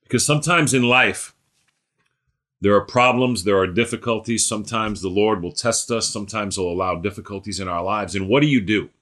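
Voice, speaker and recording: A pastor preaching a sermon, swinging between loud emphatic lines and hushed asides. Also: male voice, on the low side, fairly quick.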